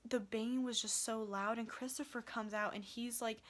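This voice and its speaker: A woman's voice: a little high, steady tone, normal speed, hardly any pauses, a bit bright. A young woman in college, telling a story in a casual vlog, rambling with lots of "like" and "um", tired. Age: young adult. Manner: rambling, heavy use of "like" and "um". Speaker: vlogger.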